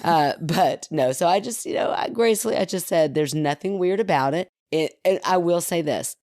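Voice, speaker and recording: A woman co-hosting a casual podcast tells a family story with lively energy, laughing often and swearing freely. Her voice sits fairly low, and the recording is close and dry with no room sound. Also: normal speed, no echo. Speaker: podcast co-host. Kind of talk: casual chat.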